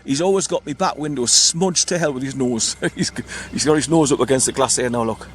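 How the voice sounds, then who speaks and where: A man's voice: mid-range voice, a little fast, a little hiss or hum. A man vlogging by his parked car in the countryside, chatty and rambling, spelling out place names as he goes. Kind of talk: casual walking vlog narration.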